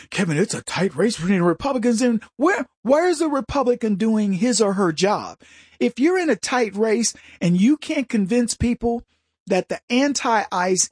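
A man hosting a political talk radio show, ranting in an animated monologue with mocking put-on voices and frequent restarts. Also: sits high, breathy edge, no room sound, studio quality.

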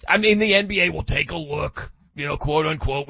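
Male sports radio host, emphatic and sarcastic, bright tone, dry studio mic. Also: fairly high pitch, brisk, vocal fry, few pauses, breathy edge, no room sound, highs cut off. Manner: emphatic, animated, sarcastic asides. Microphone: studio microphone.

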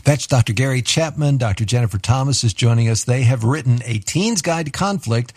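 A man hosts an interview, introducing guests and asking calm, measured questions. His voice sits mid-range and the studio sound is dry. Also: medium pitch, breathy edge, dry recording. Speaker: radio host. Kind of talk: hosting an interview.

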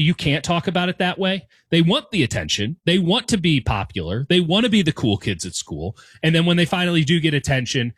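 A man's voice: a little high, fairly bright tone, no echo. A man in his thirties with an American accent, talking through a candid, wry, self-deprecating opinion monologue in his home room. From United States. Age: 30s. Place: home room decorated with soccer scarves and flags.

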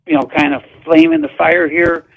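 A man's voice: on the high side, wildly swooping pitch, moderate pace, vocal fry, slightly rough, poor audio. A man, a town mayor calling in to a radio show, answering bluntly and emphatically. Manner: blunt, emphatic, dismissive of controversy. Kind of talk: radio phone interview.

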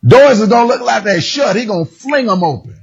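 A man preaching a sermon with a raspy voice, often shouting and sliding into a singsong lilt. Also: sits high, fairly quick. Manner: animated, shouting, singsong emphasis. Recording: dull lo-fi recording.

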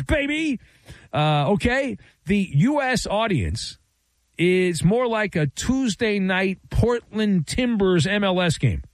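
A man's voice: a little high, no room sound. A man hosting a sports talk radio show, wisecracking and sarcastic.

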